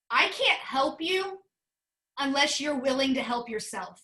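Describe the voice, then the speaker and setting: Woman, high voice, bright tone, emotional, earnest, team leader, video call. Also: lively intonation. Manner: emotional, earnest, talks in quick bursts.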